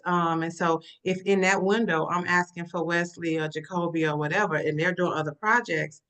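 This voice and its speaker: A woman author chatting on a video call in a casual book club discussion, animated and expressive, sometimes slipping into playful voices. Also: lowish voice. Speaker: author guest.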